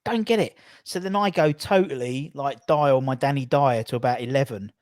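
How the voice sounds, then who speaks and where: An English man hosting a casual chat, easygoing and agreeable, with quick asides. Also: medium pitch, a little mellow, no echo, clean studio sound. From England. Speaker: podcast host.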